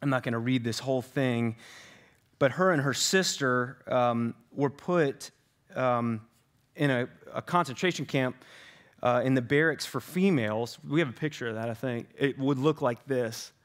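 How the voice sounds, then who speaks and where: A man's voice: medium pitch, normal speed. A man preaching a sermon as pastor, talking conversationally with many fillers and restarts.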